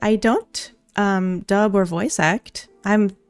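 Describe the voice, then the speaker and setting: A woman's voice: medium pitch, slow pace, smooth, dry recording, soft background music. A young woman VTuber casually answering viewer questions on a livestream, bubbly and giggly, on a studio condenser mic. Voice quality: giggly, bubbly, self-deprecating. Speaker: VTuber streamer.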